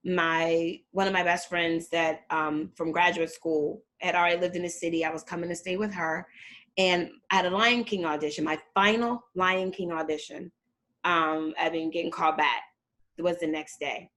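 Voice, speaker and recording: A middle-aged woman telling her story as a guest in a casual interview, lively and acting out the people she quotes. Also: normal speed. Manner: animated, acts out quotes with big jumps in pitch. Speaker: guest, performer and fitness trainer.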